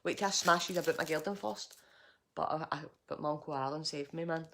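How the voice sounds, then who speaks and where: A woman's voice: deep voice, fast talker, a bit bright. A middle-aged Scottish woman telling a profane, agitated story to camera in a personal vlog. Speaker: vlogger.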